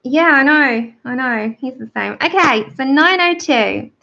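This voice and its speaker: A woman's voice: high voice, measured pace, gravelly. A woman giving a chatty, friendly drawing tutorial on a livestream. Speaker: art tutor. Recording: dull lo-fi livestream audio.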